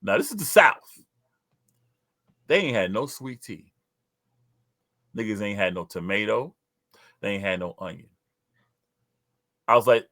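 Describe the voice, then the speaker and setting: Older man, from New York, loud storyteller, dry close sound, bright tone. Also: unhurried, pauses often, dry recording. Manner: loud, animated storytelling with sudden high jumps. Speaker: co-host. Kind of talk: casual chat.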